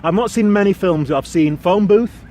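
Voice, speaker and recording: A man presenting a YouTube vlog, chatting in a park, jokey and quick to laugh. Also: high-pitched, warm tone, a little hiss or hum. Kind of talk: casual vlog chat. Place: outdoors in an urban park.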